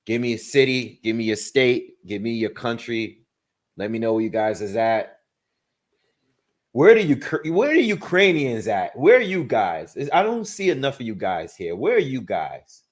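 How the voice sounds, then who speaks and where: A man hosting a casual boxing livestream, reading out where his viewers are from in quick bursts and thinking aloud as he gives his predictions. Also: medium pitch, very animated.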